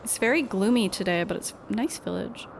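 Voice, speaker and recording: A woman's voice: medium pitch, a little fast, gravelly, a little hiss or hum. Chatty young woman streamer. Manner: chatty, self-deprecating, rambling asides. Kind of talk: casual gameplay chat, reading game dialogue aloud. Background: game music.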